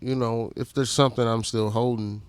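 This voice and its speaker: A middle-aged man on a podcast, telling stories in loud, lively bursts and swearing freely. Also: medium pitch, moderate pace, clean tone, dry recording. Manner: animated storyteller, swears freely, acts out his own lines loudly. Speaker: podcast co-host. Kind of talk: casual chat.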